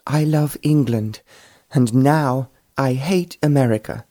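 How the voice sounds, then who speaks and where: A man's voice: medium pitch, slow pace, dark tone, voice pushed up, close to an everyday voice. A man voicing a spirited, scornful young woman in an audiobook reading. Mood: indignant.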